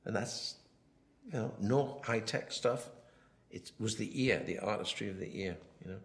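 A film director giving a rambling commentary, full of anecdotes, often quoting himself and others. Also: male voice, lowish voice, unhurried, creaky.

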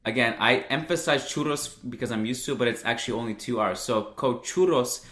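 An upbeat man hosts a podcast and reads an ad with a joking tone. His voice sits at a middle pitch, and the room gives it a noticeable echo. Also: a little fast, fairly bright tone. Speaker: podcast host. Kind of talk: casual podcast chat and ad read.

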